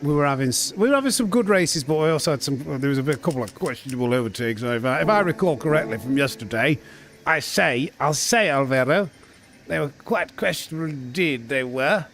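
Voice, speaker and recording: A man's voice: on the high side, animated, a little fast, a bit bright, soft background music. A man chatting casually on a live sim racing stream, reading out viewer names and thanking them. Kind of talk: live gaming stream chat.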